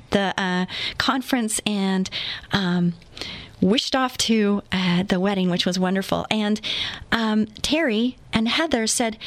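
A woman's voice: mid-range voice, no echo. A woman hosting a faith-based radio show in a studio, telling stories in a chatty, enthusiastic way with lots of fillers. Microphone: studio microphone.

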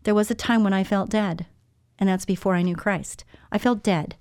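A woman's voice: medium pitch, steady tone, moderate pace, darkish tone, no room sound, studio quality. Earnest woman hosting Christian radio. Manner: earnest, personal, speaks straight to listeners. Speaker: radio show host. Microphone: studio microphone.

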